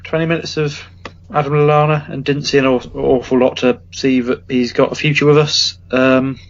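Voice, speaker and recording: A man of middle pitch co-hosting a casual podcast, who rambles along with plenty of ums and restarts. The audio sounds dull and lo-fi, its top end rolled off. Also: flat delivery, normal speed. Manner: rambling, many fillers and restarts. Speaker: podcast co-host. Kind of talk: casual football chat.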